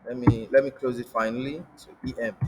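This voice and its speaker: Talking a little fast with fairly even intonation, a coding instructor from Africa runs a screen-share lesson in a medium-pitched, slightly mellow voice. He repeats key terms and tosses out rhetorical "what?" questions for students to answer. The low-quality recording has a big-room sound and slight background noise.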